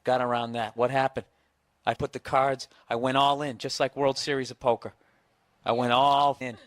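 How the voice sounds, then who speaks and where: A man's voice: mid-range voice, flat delivery, normal speed, no echo, clean studio sound. A man hosting a podcast, chatting casually and trading teasing, boastful banter with his partner. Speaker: podcast host. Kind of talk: casual chat.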